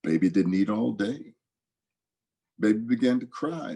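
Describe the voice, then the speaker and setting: A man reading folk tales aloud in a dramatic, expressive storytelling manner. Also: on the low side, unhurried, gravelly.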